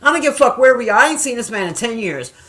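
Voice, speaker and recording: Profane, animated woman telling stories. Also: fairly high pitch, fast. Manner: profane, animated, acts out quoted voices loudly. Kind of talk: casual storytelling chat.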